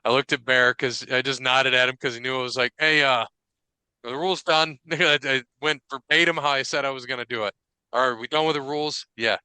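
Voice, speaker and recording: Male podcast co-host, very bright dry voice, profane animated storyteller. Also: mid-range voice, brisk, clear, resonant tone, no echo. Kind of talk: casual chat.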